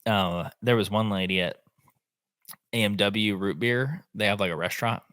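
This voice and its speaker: A man, a podcast host telling an animated hunting story in casual chat. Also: lowish voice, moderate pace, dry recording, clean studio sound. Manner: animated, acts out quotes in voices.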